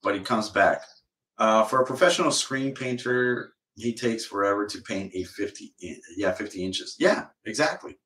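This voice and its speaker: A man rants casually on a live stream, rambling, swearing and repeating himself along the way. His voice is fairly low and a bit bright at normal speed, and he sounds far from the mic with roomy echo.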